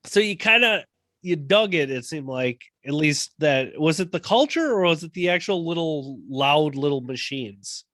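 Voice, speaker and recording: Brief: casual male podcast host, animated pitch, dry sound. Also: moderate pace, no echo. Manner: laid-back, swears casually. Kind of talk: casual conversation.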